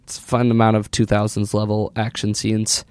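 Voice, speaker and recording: Animated man riffing on movies. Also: fairly low pitch, normal speed, no room sound, studio quality. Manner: animated, laughing, mock-quoting characters. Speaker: podcast co-host. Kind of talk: casual movie review chat.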